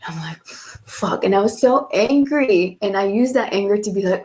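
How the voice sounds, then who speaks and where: A woman's voice: medium pitch, moderate pace, a little mellow, rough recording. A young adult woman co-hosting a podcast, talking frankly in casual chat with lots of swearing, fillers and restarts. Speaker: podcast co-host.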